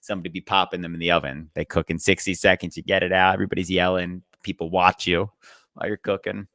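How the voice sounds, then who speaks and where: A man's voice: low voice, flat delivery, fast, fairly bright tone, no room sound, clean studio sound. A man hosting a podcast in loose casual chat, swearing freely, laughing often and mimicking people in his stories. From US East Coast. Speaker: podcast host.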